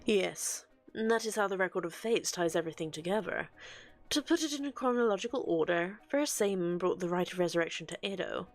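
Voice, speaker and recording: A woman reading game dialogue aloud for an earnest, scholarly male occult researcher, with a measured, explanatory delivery. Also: on the low side, lively intonation.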